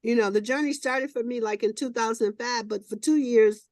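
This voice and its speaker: A woman hosting with a voice a little above the middle in pitch. She moves from measured, reflective reading into easy, animated talk. The sound is dry and close-miked. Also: no room sound. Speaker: host. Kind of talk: reading a passage, then casual group chat.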